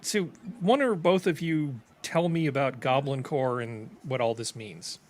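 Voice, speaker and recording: A man's voice: medium pitch, measured pace. A male host of a discussion stream, joking and playful with his guests. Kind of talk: casual chat.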